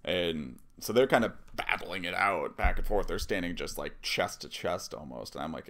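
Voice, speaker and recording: Deep voiced guy rambling through a story on his vlog, lots of ums and you knows, gravelly. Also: expressive, normal speed, hardly any pauses, fairly bright tone. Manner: rambling, many fillers and asides. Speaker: vlogger. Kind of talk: casual first-person storytelling.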